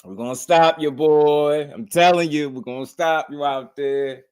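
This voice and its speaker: A man doing a mocking impression of a boastful older man who makes friendly-sounding threats, in a higher, louder drawl. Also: measured pace, clean tone, natural voice. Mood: mock bravado.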